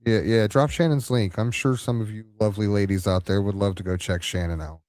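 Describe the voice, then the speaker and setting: A man's voice: on the low side, fairly even intonation, a little fast, a little mellow, dry recording, clean studio sound. A man hosting a livestream, chiming in with laid-back, supportive asides. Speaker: livestream host. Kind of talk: casual livestream chat.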